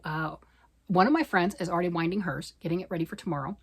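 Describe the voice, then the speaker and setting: A middle-aged woman chatting fast and excitedly about knitting, rambling off on tangents. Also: lowish voice, slightly rough. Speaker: knitting vlogger. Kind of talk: casual chat.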